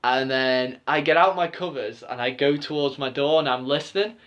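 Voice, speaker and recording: A man's voice: medium pitch, moderate pace, muffled recording. A young man co-hosting a podcast, telling an embarrassing story in casual chat and acting out the voices of the people in it. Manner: animated, acts out quoted voices. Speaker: podcast co-host.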